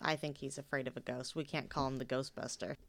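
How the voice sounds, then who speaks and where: A woman's voice: rumbling low, steady tone, fairly quick. A tired woman co-hosting a podcast in casual chat, laughing often and poking fun at herself. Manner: laughs often, self-mocking. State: tired after a fall. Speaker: podcast co-host. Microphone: headphones, one ear on.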